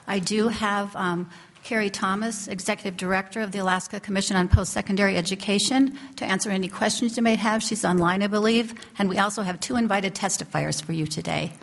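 A woman's voice: mid-range voice, fairly quick, creaky. Earnest woman presenting a bill. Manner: earnest and steady, reading prepared remarks. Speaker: bill sponsor, legislator.

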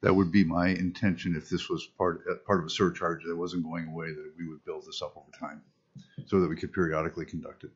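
A man serving as a state fisheries commissioner, giving measured, explanatory testimony to a legislative committee. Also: low voice, level tone, slightly rough. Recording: muffled lo-fi hearing audio.

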